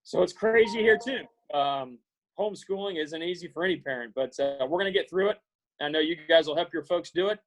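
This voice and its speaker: A man in his forties from Iowa speaks to students over a video call. His voice sits a little high for a man, and he talks in an earnest, halting way, full of fillers and restarts. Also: low-quality recording. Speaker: guest speaker.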